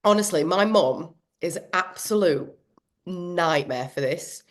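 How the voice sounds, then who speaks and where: A woman leading an online workshop on a video call, animated and quick to laugh, often acting out what goes on in people's heads. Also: fairly low pitch. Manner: animated, laughs often, acts out inner voices. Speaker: workshop trainer. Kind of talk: live online workshop talk.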